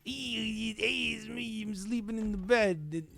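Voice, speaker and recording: A man putting on the voice of a wisecracking 1920s gangster with a gruff, clipped tough-guy drawl. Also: sits high, slow pace, a bit bright, no echo, pitched above the performer's own voice, full character voice. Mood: cocky.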